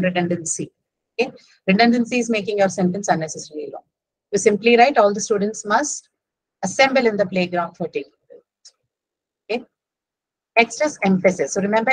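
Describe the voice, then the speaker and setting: A woman's voice: mid-range voice, dry recording, low-quality recording. A woman with an Indian English accent, teaching an online English writing class. She explains patiently and often checks in with "right?" and "okay?". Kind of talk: online lecture.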